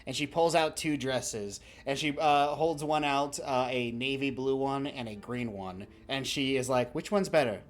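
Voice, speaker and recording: A man's voice: mid-range voice, fairly even intonation, a little slow, few pauses. Rambling game master man. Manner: rambling, full of fillers and laughs. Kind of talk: narrating a tabletop game.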